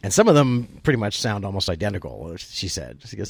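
A man co-hosting a movie podcast, telling anecdotes in a quick, animated way. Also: medium pitch, gravelly, husky, no room sound, clean studio sound. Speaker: podcast co-host. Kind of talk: casual movie commentary chat.

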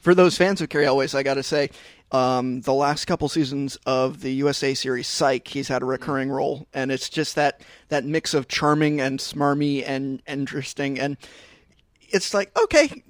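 A man's voice: mid-range voice, flat delivery, normal speed, dry recording, clean studio sound. A man co-hosting a movie podcast, earnestly giving his views in casual talk. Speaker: podcast co-host. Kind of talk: casual movie commentary chat.

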